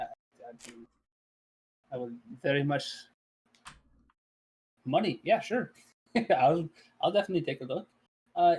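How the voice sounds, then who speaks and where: A man's voice: on the high side, slightly rough. A man playing a character in a tabletop game, joking and sometimes dropping into whispered asides. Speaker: player. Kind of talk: in-character tabletop role-play.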